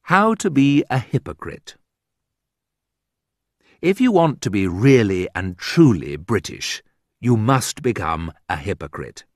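A man narrates a humorous book in a low voice that swings widely in pitch, leaning into the wry jokes. He takes his time over every line. The recording is close and dry, with no room sound. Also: very animated, no echo. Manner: wry, slow, deliberate storytelling that jumps high for quoted remarks. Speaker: audiobook narrator. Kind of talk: scripted reading of a graded reader.

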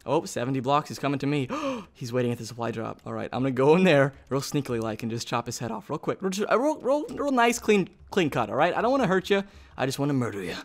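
A young man giving casual, excitable commentary over his own gameplay as a gaming channel host, chatting to his opponents. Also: medium pitch, fast, few pauses. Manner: excitable, talks to opponents, bursts into shouts.

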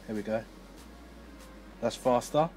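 A man reviewing tech in a casual demo, chatty and excitable, thinking aloud as he goes. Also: mid-range voice, slow pace.

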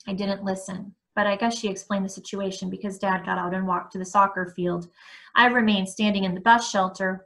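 A woman's voice: mid-range voice, bright, forceful tone. A woman reading a children's novel aloud, narrating in the first person and voicing the dialogue. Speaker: reader of a novel.

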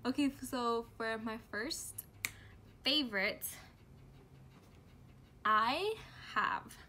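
A young woman chats through a casual product review vlog at home, giggly and full of slang. Her voice sits a little high and she takes her time. A faint hiss of room noise sits under her voice. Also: extremely slow, sharp tone. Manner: bubbly, chatty, giggly, lots of fillers and slang. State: out of breath from heat. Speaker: beauty and lifestyle vlogger.

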